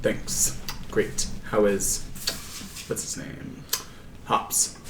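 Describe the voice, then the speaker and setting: Male player, terse and flat; echoey room, faint background hum. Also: drawn-out words. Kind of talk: casual in-character play.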